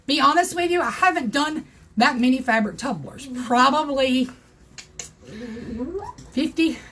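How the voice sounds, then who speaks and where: An older woman from South Carolina with a Southern accent, her voice hoarse, chatting in a folksy way as she hosts a crafting livestream tutorial from her home craft room. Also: high voice, a bit bright. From South Carolina, USA. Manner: chatty, folksy, greets viewers by name.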